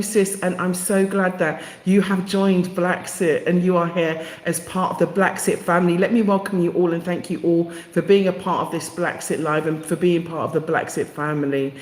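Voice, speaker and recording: A woman's voice: on the low side, a little mellow. A middle-aged woman hosting a casual live stream, effusive and talking straight to her viewers by name. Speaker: livestream host. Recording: echoey room with long reverb.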